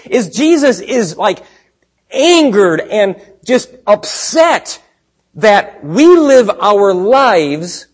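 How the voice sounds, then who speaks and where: Husky man preaching conversationally. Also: sits high. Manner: conversational preaching with rhetorical questions, swings between quiet and emphatic. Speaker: pastor. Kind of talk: sermon.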